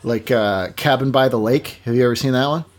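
A man's voice: medium pitch, fairly quick, slight background noise. A man hosting a casual chat over a video call, reacting easily and retelling a movie plot.

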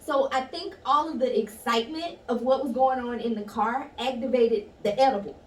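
A woman telling a funny personal story in casual chat, animated and acting out the voices she quotes. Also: fairly high pitch, moderate pace. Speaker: guest storyteller. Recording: echoey room, distant mic, faint noise.

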